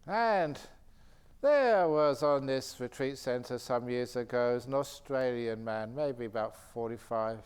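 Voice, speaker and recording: A Buddhist monk who teaches meditation answers questions during a retreat talk in the hall of a meditation centre. He tells stories in an animated way, laughing often. His voice is smooth and medium-pitched, and he takes his time.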